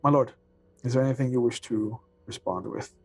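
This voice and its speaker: A man's voice: medium pitch, fairly quick, vocal fry, breathy edge, no echo, faint music behind. A man playing a bowing, courteous messenger who addresses his lord politely. the sound is dry and close. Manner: deferential, courteous. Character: polite male messenger, a deferential servant.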